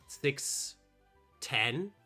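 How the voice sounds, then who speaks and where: A man's voice: medium pitch, lively intonation, drawn-out words, bright, forceful tone, faint music behind. A man narrating as game master, describing scenes in a playful, descriptive way.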